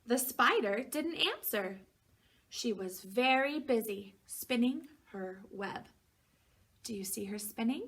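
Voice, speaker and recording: A preschool teacher reads a picture book to small children in a fairly high, unhurried voice. She asks them gentle questions and leaves room for them to answer. She calls out the animal noises in a livelier, raised voice. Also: lively intonation, slightly rough. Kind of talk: picture-book storytime reading for young children.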